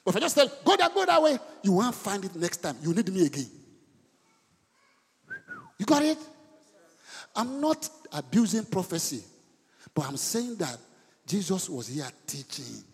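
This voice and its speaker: A middle-aged Nigerian pastor preaching a sermon in a church, moving sharply between quiet asides and loud bursts and repeating words for emphasis. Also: male voice, high voice, sing-song, measured pace, pauses often, husky. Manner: dramatic swings between soft asides and loud outbursts; code-switches mid-sentence, repeats words for emphasis. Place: church hall. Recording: long hall reverb.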